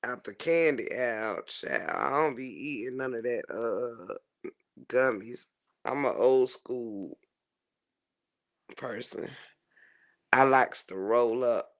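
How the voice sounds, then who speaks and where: A man telling a funny story to his chat in a casual, animated way, swearing freely and laughing often. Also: medium pitch, slow, pauses often. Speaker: livestream host reading chat.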